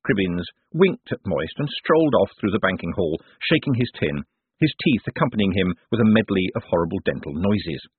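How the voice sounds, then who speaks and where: A man narrating a novel in a measured, dry way. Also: low-pitched, big pitch swings, slightly rough. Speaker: audiobook narrator. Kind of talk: scripted narration. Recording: tinny lo-fi audiobook recording.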